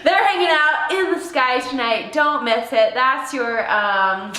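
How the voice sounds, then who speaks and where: Bubbly high-voiced woman fitness instructor. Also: unhurried, hardly any pauses, sharp tone, very echoey. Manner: bubbly, playful, sing-song greetings. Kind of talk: live workout class instruction. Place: home workout space.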